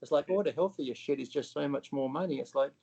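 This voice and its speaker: A man's voice: a little high, fast, vocal fry, warm tone, husky, lo-fi sound. Blunt man, swearing freely. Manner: blunt, swears freely, acts out other people's lines. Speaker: interview guest. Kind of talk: casual interview chat.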